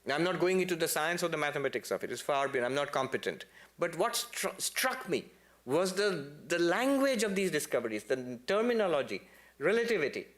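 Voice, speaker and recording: A man giving a spiritual lecture to a temple congregation, telling stories in a lively way with playful asides and sudden high, emphatic peaks.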